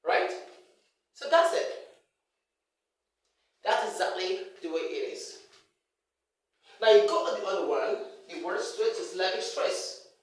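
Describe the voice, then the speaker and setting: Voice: mid-range voice, expressive, unhurried, long pauses. Emphatic speaker drilling words in an echoey hall. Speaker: speaker teaching pronunciation. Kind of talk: lecture on pronunciation. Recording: very echoey hall, voice far from the mic.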